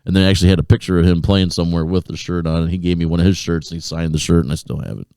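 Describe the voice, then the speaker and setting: A man co-hosting a podcast, telling a lively, profane anecdote in casual chat. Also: low voice, racing, clean tone, no echo, clean studio sound. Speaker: podcast co-host.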